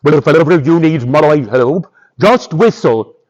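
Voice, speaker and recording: A man's voice: a little high, lively intonation, measured pace, highs cut off. A man voicing a grateful talking fish in a live folktale telling. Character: gasping talking fish, thankful.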